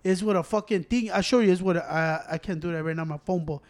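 Man with a high-pitched voice, cursing freely and mixing in Spanish; casual storyteller among friends. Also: fast. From United States. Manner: profane, animated, switches between English and Spanish.

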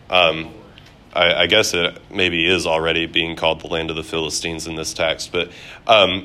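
A man's voice: low-pitched, pushed and bright. A man teaching a casual Bible study, chatty and amused, with many fillers.

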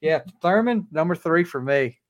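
Excited man telling a sports story. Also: fairly high pitch, normal speed, no echo, clean studio sound. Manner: animated storyteller, acts out quoted dialogue. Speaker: podcast host. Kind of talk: casual sports podcast chat.

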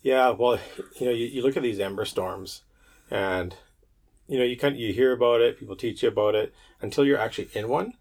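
A man who works as a firefighter and medic, chatting casually on a podcast, laid-back and quick to laugh. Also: medium pitch, darkish tone. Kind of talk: casual chat.

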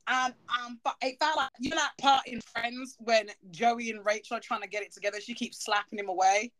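A woman's voice: on the high side, fairly even intonation, a little fast, a bit bright. Giggly woman hosting a podcast. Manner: giggly, candid storytelling. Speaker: podcast host. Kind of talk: casual explicit podcast chat.

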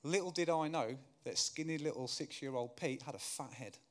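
A man, a guest preacher telling a story in his sermon, getting louder and higher as the tension builds and softer when he prays. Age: 30s. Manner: animated storyteller, grows loud and high when excited, softer and slower in prayer.

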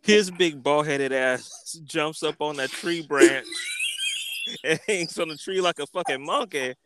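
A man hosting a podcast, telling a comic story in a crude, animated way full of profanity. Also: a little high, a little slow, slight background noise. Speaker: podcast host.

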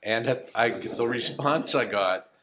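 A man's voice: mid-range voice, a little slow, crowd noise. A man who is a comedian, a guest on a podcast, telling profane stories in casual chat and acting out the quotes. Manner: profane, storytelling, acts out quotes.

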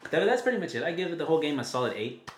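Man, tired, podcast co-host, rambling, laughs a lot, rapid talk, echoey room. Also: fairly high pitch, very animated, a little hiss or hum. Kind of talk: casual chat.

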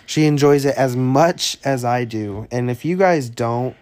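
Podcast guy talking super slow, deadpan, bragging about his own voice. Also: medium pitch. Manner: deadpan self-praising, drawn-out phrases. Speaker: podcast host. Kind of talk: mock-soothing comedic podcast chat.

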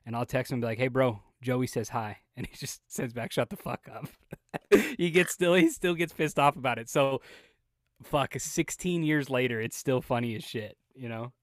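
A man's voice: mid-range voice, moderate pace, no room sound. A man on a podcast telling a long personal story, swearing freely and acting out everyone's lines. His voice sits in an ordinary middle register. The sound is close and dry, with no room around it. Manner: profane, animated storyteller who acts out the other people's lines. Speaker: podcast co-host. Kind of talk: casual storytelling.

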